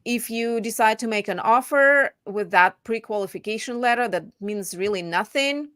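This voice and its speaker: A woman real estate agent chatting casually about home buying, animated and voicing her clients' lines. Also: fairly high pitch, normal speed, no room sound, clean studio sound. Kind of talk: casual chat.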